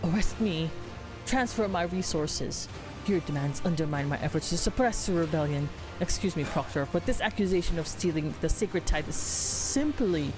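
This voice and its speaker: A woman's voice: lowish voice, lively intonation, normal speed, over music, natural voice. A woman streamer voicing a tired, beleaguered male planetary governor from a video game. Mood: indignant. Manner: tired, defensive and apologetic.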